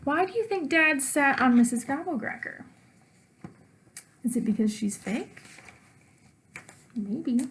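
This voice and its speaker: A woman teacher reading a children's book aloud in an expressive storytelling voice, asking her listeners questions along the way. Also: high voice, takes it slowly, long pauses, a little hiss or hum.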